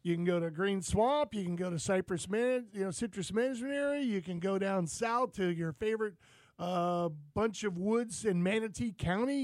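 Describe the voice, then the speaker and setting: An outdoors show host with a voice that sits high, recorded dry, hosts a talk show. He rambles through folksy stories in casual chat, telling them in an animated way.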